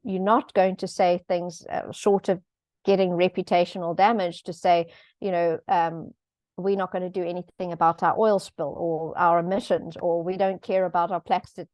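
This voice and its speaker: A woman's voice: lowish voice, mellow, dry recording. A middle-aged woman explaining governance topics in a conversational way, with light laughs and frequent ums. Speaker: governance expert speaking on a panel. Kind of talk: conversational explanation in an online event.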